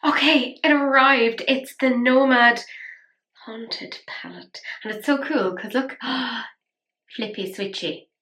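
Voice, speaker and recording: A young woman reviewing makeup in a casual, rambling, self-mocking way, a little breathless and quick to gasp with excitement. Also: sits high. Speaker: beauty vlogger.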